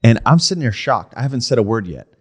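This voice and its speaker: A man's voice: medium pitch, sing-song, fast talker. A man co-hosting a comedy podcast, telling a story casually and often saying "like" and "right?". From New Jersey, USA. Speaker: podcast co-host. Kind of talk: casual chat.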